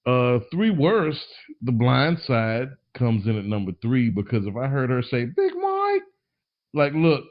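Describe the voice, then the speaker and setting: Man, podcast host, casual chat, rambling, slangy, a little tipsy, lively pitch, dull lo-fi recording. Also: unhurried, hardly any pauses. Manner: animated, rambling with restarts, slangy.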